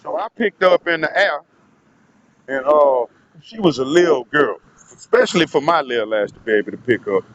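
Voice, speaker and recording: Man vlogger with a raised pitch, telling a long profane story straight to his audience. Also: animated, fairly quick, fairly bright tone, muffled recording, a little hiss or hum. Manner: rambling, profane, keeps addressing the audience. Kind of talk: casual storytelling monologue.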